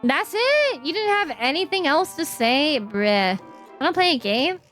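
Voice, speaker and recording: A woman streamer chatting casually while she plays a game, playful and quick to swear. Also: high voice, sing-song, fairly bright tone, faint music behind. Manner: playful, swears, reads game dialogue aloud. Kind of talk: casual gaming stream commentary.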